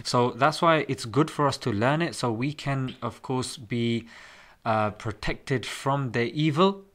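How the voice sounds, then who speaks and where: A man talks on a casual podcast, explaining points with animated emphasis. His voice sits at a medium pitch. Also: measured pace. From England. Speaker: podcast guest.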